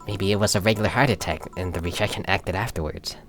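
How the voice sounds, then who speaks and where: Male fan as a subdued young woman, measured and soft-spoken, low-pitched, light music behind. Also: fairly even intonation, close to an everyday voice. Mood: somber. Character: calm young woman, grieving sister, matter-of-fact. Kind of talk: fan voice acting of a visual novel.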